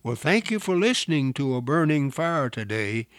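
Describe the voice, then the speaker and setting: A man preaching a radio Bible lesson in a slow, earnest, deliberate way. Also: mid-range voice, big pitch swings, dry recording. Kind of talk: sermon.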